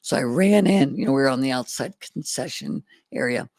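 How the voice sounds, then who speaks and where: A man's voice: mid-range voice, animated, fairly quick, a little mellow, no echo. A middle-aged man telling life stories in an interview, earnest and folksy, acting out past conversations. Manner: earnest, folksy, retells exchanges in quotes. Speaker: guest entrepreneur. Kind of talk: candid storytelling interview.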